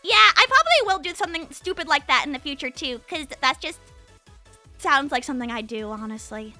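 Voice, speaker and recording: Energetic bright-voiced woman streamer. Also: high voice, a little fast, soft background music. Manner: energetic, animated, rambling with restarts. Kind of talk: casual live-stream chat. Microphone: studio mic with compressor.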